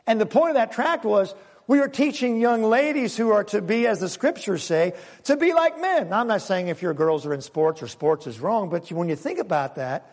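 A man preaches with a high, ringing voice. He leans on single words, pauses for effect and drops to a near murmur before building again. The long echo of a church hall trails after every phrase. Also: breathy edge. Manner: emphatic preaching with dramatic pauses, swinging from loud to hushed. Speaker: pastor. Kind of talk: sermon.

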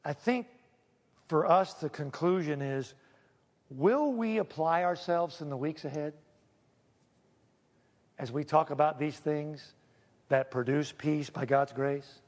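A pastor preaching a sermon, joking one moment and pleading solemnly the next. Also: male voice, on the high side, slow, pauses often, a little mellow, long reverb tail.

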